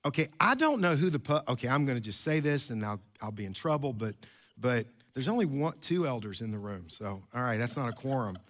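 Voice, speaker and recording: Bright-voiced man joking through a sermon. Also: mid-range voice, lively intonation, a little fast. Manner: chatty, joking storyteller with many restarts. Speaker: pastor.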